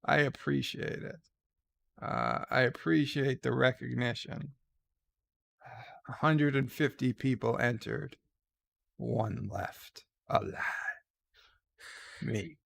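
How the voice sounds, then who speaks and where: A man's voice: mid-range voice, fairly even intonation, takes it slowly, vocal fry, long pauses, fairly bright tone. A man hosting a livestream, reading viewer comments aloud and rambling through wry asides. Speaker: livestream host.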